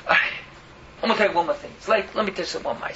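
A man's voice: high-pitched, a little fast, pushed and bright, lo-fi sound, a little hiss or hum. A man preaching an impassioned sermon, pleading and fiery, weaving Yiddish and Hebrew words into his English.

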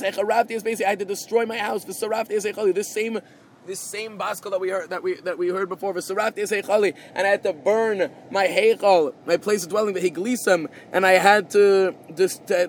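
High-voiced man teaching a Talmud class. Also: a little hiss or hum. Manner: halting, with many repeated filler words. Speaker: Torah teacher. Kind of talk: Talmud lesson, translating Hebrew and Aramaic phrase by phrase.

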